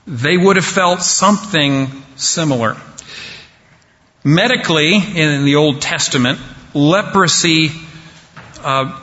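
A man preaching a sermon slowly and deliberately, pausing for effect. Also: on the high side, pushed and bright. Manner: slow, deliberate preaching with dramatic pauses. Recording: dull sound with long hall reverb.

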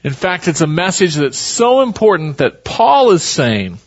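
A man's voice: a little high, very animated, measured pace, hardly any pauses, dull audio. A male pastor preaching a sermon in a folksy, storytelling way.

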